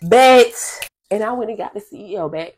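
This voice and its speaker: A woman telling a long personal story to her camera in a casual, animated way, swearing freely and acting out the people in it. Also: medium pitch, normal speed, breathy edge.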